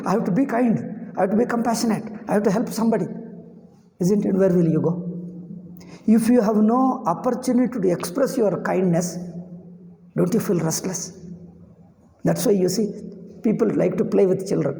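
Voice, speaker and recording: A man's voice: high voice, normal speed, creaky, long pauses, dark tone. A man giving a spiritual discourse on Vedanta. He repeats his phrases as he explains and chuckles at his own points. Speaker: Vedanta teacher. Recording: roomy hall with long reverb.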